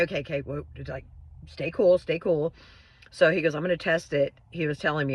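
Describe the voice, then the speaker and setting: Bright animated woman telling a joke. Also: vocal fry, husky, poor audio. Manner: animated, jumps to high pitch for quoted voices. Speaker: storyteller. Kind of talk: casual joke storytelling.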